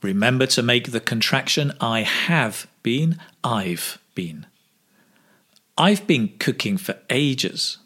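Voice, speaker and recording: A man leads an English speaking lesson in an unhurried, measured way. His pitch rises and falls widely as he models each phrase with clear intonation for the listener to repeat. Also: expressive, pushed and bright. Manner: slow, exaggerated model phrases for repetition. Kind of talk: scripted pronunciation lesson.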